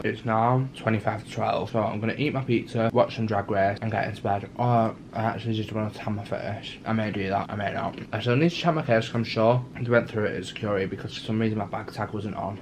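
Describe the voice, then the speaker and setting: A man's voice: lowish voice, steady tone, brisk, few pauses, a little hiss or hum. A young man, chatting upbeat to camera in a casual travel vlog on a handheld phone. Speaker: makeup content creator.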